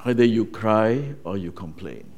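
A man's voice: on the low side, expressive, measured pace, a little mellow. A man preaching a sermon in a conversational way, often checking in with his listeners. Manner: conversational, with frequent tag questions.

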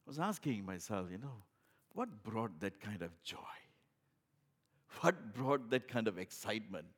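A pastor preaches a sermon in a husky voice at a measured pace, his pitch swinging widely. He alternates between loud, emphatic bursts and quiet, low asides, often restarting with "in other words".

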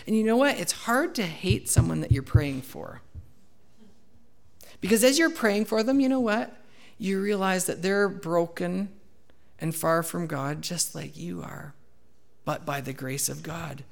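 A man in his thirties, a pastor preaching a sermon and telling a candid personal story, with bursts of loud acted shouting. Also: sits high, lively intonation, a little slow, vocal fry. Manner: candid storytelling, acts out his own outbursts loudly.

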